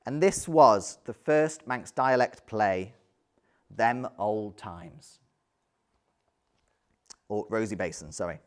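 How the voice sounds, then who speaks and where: A man's voice: lowish voice, takes it slowly, pauses often. A man giving an illustrated history talk, conversational, with frequent ums and dry little asides. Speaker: lecturer.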